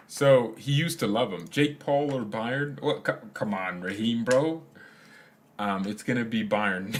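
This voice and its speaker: A man's voice: medium pitch, animated, a little slow, a bit bright. A young man hosting a casual fan livestream, rambling in slangy chat, laughing often and reading comments aloud. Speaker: fan channel host.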